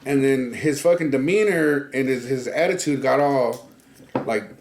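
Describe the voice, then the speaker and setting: A man's voice: mid-range voice, measured pace, background noise. A man casually telling a story to friends, swearing freely and acting out friends' lines in a raised voice. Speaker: podcast co-host. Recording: roomy echo.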